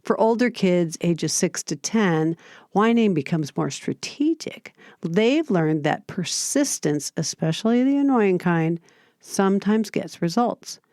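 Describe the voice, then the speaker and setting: A woman hosting a parenting podcast, giving scripted advice in a calm, steady, explanatory way. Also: fairly low pitch, a little slow, no room sound, studio quality. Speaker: podcast host.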